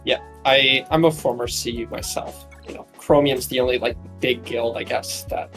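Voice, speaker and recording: Laid-back male voice-chat guest, mid pitch, faint music under. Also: moderate pace. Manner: relaxed, hesitant with fillers. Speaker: guest tool developer. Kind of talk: casual voice-chat talk.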